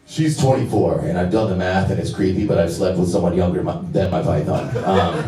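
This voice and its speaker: A man in his thirties doing a crude, brash stand-up set with deadpan asides on a comedy club stage. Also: deep voice, a little fast, crowd noise. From United States. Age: 30s. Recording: roomy club audio from a distance. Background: audience laughter.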